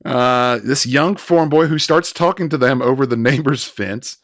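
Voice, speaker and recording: A man in his thirties co-hosting a casual film review chat, recapping scenes with quick asides and frequent laughs. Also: medium pitch, a bit bright, no room sound, clean studio sound. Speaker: podcast co-host.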